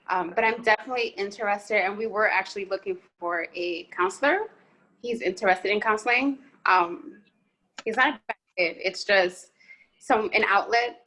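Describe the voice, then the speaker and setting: A woman's voice: medium pitch, bright, forceful tone, poor audio. Here a woman with a mid-range voice takes part in an online parent workshop. She talks about her family openly and easily, with small fillers along the way. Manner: open and talkative, with fillers. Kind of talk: casual sharing on a video call. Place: video call.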